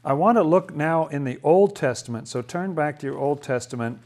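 A man's voice: a little high, a little fast, a little mellow. A man leading a Bible study lesson. He talks thoughtfully, often restarts his sentences and asks rhetorical questions.

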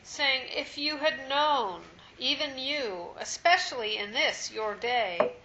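A woman in a Bible study reading scripture aloud in a slow, measured way. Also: sits high, background noise. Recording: echoey, muffled room recording, off-mic.

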